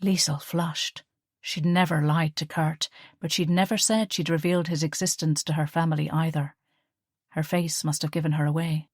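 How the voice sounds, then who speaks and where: A woman's voice: low-pitched, little pitch movement, moderate pace, no echo. Woman audiobook narrator, dry close read.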